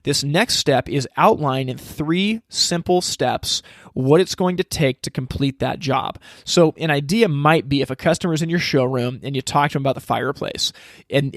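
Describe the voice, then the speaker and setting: A man teaching a step-by-step sales process in casual, energetic talk, acting out lines he would say to customers. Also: fairly high pitch, normal speed, no room sound, studio quality. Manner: energetic, acts out customer dialogue, frequent restarts. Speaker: sales trainer.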